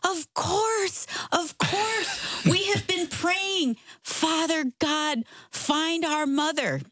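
A man's voice: extremely high pitch, drawn-out words, pushed and bright, no echo, clean studio sound, voice pushed up, heavily acted. A woman playing a frantic, tearful man. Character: frantic grown man, a tearful relieved son-in-law.

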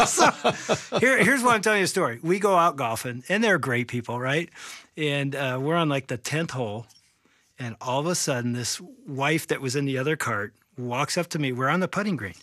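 A man's voice: on the high side, brisk, fairly bright tone, no echo, clean studio sound. A middle-aged man, a podcast co-host and chaplain, telling a story in a casual chat and acting out other people's lines with laughs.

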